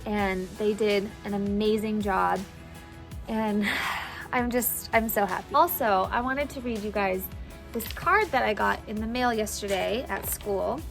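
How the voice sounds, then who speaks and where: A woman's voice: medium pitch, gravelly. A woman teacher talking in a casual vlog, emotional and gushing, tearful as she speaks. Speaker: teacher and vlogger.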